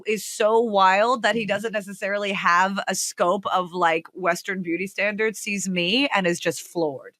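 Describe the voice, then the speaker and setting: A woman's voice: medium pitch, steady tone, a little slow, hardly any pauses, a bit bright, no room sound, studio quality. A woman co-hosting a podcast in casual comedic chat, bawdy and jokey, often trailing off mid-sentence. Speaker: podcast co-host.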